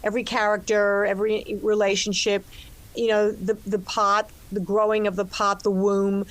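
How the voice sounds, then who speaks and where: An older woman in a relaxed interview, talking about making her film, full of restarts and "you know"s. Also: mid-range voice, moderate pace. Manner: expansive, restarts often, many "you know"s. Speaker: actress and co-writer discussing her film. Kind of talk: conversational interview.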